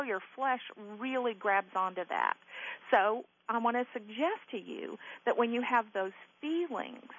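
A woman guest teaching on a Christian call-in radio show, earnest and gently reassuring in a pastoral way. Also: fairly high pitch, muffled recording.

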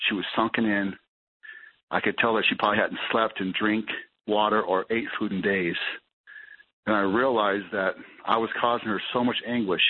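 A man telling his personal recovery story as a guest, in a halting way that repeats words as he restarts. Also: fairly low pitch, a little hiss or hum. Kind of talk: personal testimony. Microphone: phone call. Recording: tinny phone line.

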